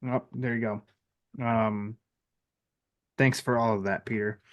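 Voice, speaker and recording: A man's voice: fairly low pitch, level tone, slow pace, dry recording, highs cut off. A man hosting a podcast in a casual, rambling way, with fillers and jokes, wrapping up the episode. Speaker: podcast host. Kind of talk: casual podcast chat and outro.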